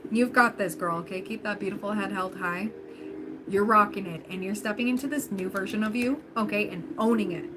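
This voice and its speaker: A woman's voice: mid-range voice, a little fast. Female tarot streamer, casual encouraging chat, noisy home mic. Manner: chatty, encouraging, frequent laughs and fillers. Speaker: tarot reader livestream host.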